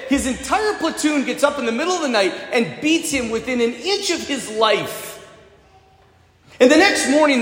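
A man with a high, lively voice delivers a sermon, telling a story with dramatic swings in energy. His voice rings through a church with a long, roomy echo. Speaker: priest. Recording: echoey church hall.

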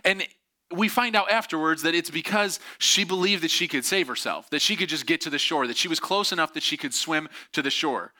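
A man telling a story in a lively way, acting out the voices of the people in it. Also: fairly high pitch, a little fast. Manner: animated, acts out quoted voices. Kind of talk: storytelling talk.

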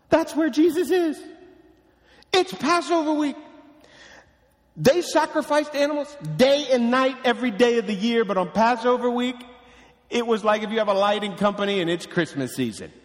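Male pastor, sermon, high lively voice, hall reverb. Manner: animated, acts out quoted voices.

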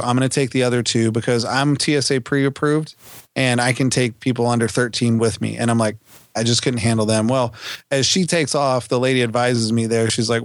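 A man in casual storytelling mode, animated and quick to laugh, who acts out his family's lines as he goes. His voice sits at an ordinary middle pitch. The sound is dry and close, with no room echo. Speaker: podcast co-host.

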